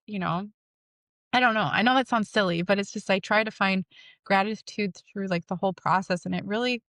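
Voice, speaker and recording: A woman in her thirties talking as a podcast guest, halting, with many fillers and self-conscious asides. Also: mid-range voice, a bit bright, dry recording, studio quality. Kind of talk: casual conversation.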